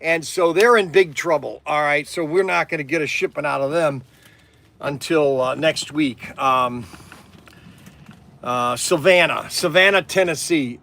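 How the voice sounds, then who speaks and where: A middle-aged man from Southern Ohio hosting a casual livestream, rambling and animated, laughing often as he talks. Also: on the high side, unhurried, creaky. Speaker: livestream host.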